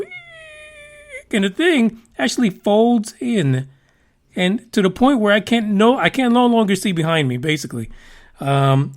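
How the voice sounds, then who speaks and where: A man with a high voice hosts a casual podcast. He rambles through the news with profane, wisecracking asides. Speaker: podcast host.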